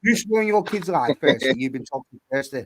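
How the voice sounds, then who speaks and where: A man's voice: a little high, animated, fairly quick, crowd noise. Mocking man, needling sarcastically. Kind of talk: heated casual argument.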